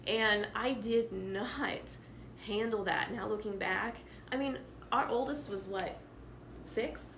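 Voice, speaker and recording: A woman's voice: mid-range voice, slow, fairly bright tone, echoey room, a little hiss or hum, poor audio. A mother co-hosting a parenting talk, speaking personally while emotional and close to tears. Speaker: co-host, homeschooling mother.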